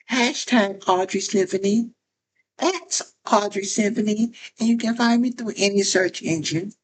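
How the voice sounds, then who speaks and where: A woman's voice: medium pitch, breathy edge, low-quality recording. A woman giving casual talk-to-camera advice as a phone chat operator, often repeating phrases and restarting sentences.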